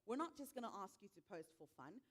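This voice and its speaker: A woman's voice: medium pitch, sing-song, fast, husky. Upbeat woman emceeing a conference. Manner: upbeat, addresses audience directly. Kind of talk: live event hosting. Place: conference stage.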